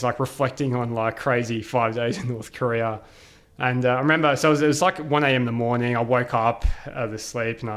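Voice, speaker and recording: This mid-range voice belongs to an Australian man appearing as a podcast guest. He recounts a trip in a loose, lively way, peppering it with "like" and rapid impressions of what people said.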